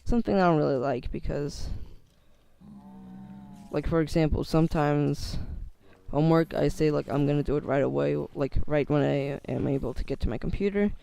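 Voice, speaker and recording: Teenage male YouTuber, nervous and halting delivery, slightly high voice with a gravelly edge. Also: warm tone, slight background noise. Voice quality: voice cracks. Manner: hesitant, many fillers and restarts. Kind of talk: casual vlog monologue.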